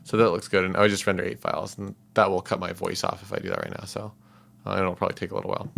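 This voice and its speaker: A man's voice: low voice, flat delivery, racing, creaky, fairly bright tone. A man livestreaming as a composer, talking casually and rambling with many fillers and chuckles.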